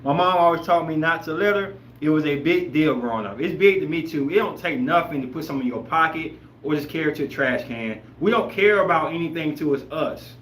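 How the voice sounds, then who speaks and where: A man hosting a podcast, chatting casually and reacting to viewer comments in an animated, emphatic, rambling way. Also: fairly high pitch, fairly quick, hardly any pauses, slight background noise. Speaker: podcast host. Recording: roomy echoey room.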